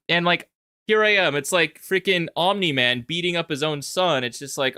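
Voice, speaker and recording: A young man talking casually about his own video as a commentator, animated and rambling, with frequent restarts. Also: on the high side, normal speed, vocal fry, no room sound, studio quality. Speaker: YouTube commentator.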